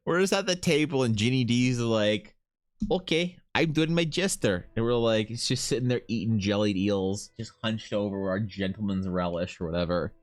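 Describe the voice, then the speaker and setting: A man's voice: fairly low pitch, normal speed, hardly any pauses. A man from Ukraine chatting casually on a livestream, riffing with mock outrage and plenty of swearing as he reads. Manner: animated, profane, mock-outraged riffing while reading. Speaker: streamer.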